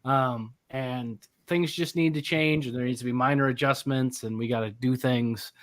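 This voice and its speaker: A man's voice: medium pitch, fairly even intonation, normal speed, no room sound. A man co-hosting a casual livestream, talking up upcoming news in a chatty, promotional way. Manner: chatty, promotional, restarts phrases. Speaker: co-host.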